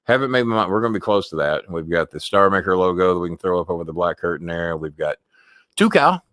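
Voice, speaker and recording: A man's voice: low-pitched, quick pace, fairly bright tone, no echo, studio quality. A man hosting a casual live sports talk stream from home, chatty and rambling, swearing loosely.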